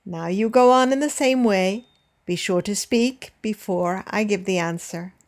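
A woman teaching an English lesson, reading a script and leading listen-and-repeat drills with slow, deliberate, carefully enunciated words. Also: mid-range voice.

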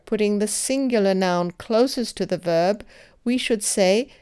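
A woman leading a scripted English grammar drill, enunciating each sentence carefully and pausing for the listener to repeat. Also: mid-range voice, darkish tone, clean tone. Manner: careful, deliberate enunciation with pauses for repetition. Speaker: English teacher.

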